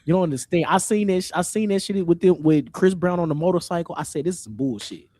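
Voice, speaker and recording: A man's voice: high voice, steady tone, quick pace, warm tone. A man co-hosting a podcast, ranting in casual chat and repeating himself. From St. Louis area. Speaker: podcast co-host.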